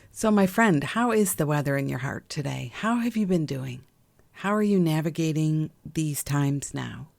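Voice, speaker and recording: A woman hosting a gentle spiritual podcast, talking in a slow, soothing and affectionate way with soft laughs. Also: deep voice, no room sound. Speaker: podcast host and intuitive healer. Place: home room with window open.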